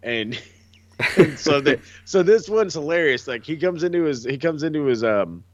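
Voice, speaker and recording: Profane, animated man with a dull lo-fi sound. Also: a little high, moderate pace, no room sound. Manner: animated, profane, acts out quotes. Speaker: podcast co-host. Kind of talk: casual wrestling chat. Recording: dull lo-fi dry mic.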